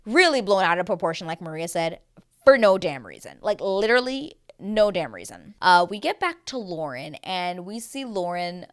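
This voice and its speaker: Woman, casual recap host, lowish voice with a lively, swooping delivery, gossipy and blunt, drops in impressions. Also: normal speed, no room sound, clean studio sound. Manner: animated and gossipy, mimics the cast in voices.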